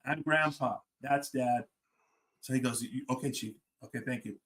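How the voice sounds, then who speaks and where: A man's voice: mid-range voice, normal speed, a bit bright. A middle-aged man, a fire service leader, telling a story on a podcast and acting out the dialogue as he goes.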